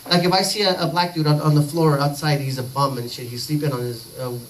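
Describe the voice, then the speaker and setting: A man on a comedy club stage does a loose, profane stand-up set, rambling from one crude tangent to the next. His voice sits a little high for a man. It comes across distant, picked up well away from the mic, with a clear layer of noise around it. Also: fairly even intonation, fast. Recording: distant mic, noisy live recording.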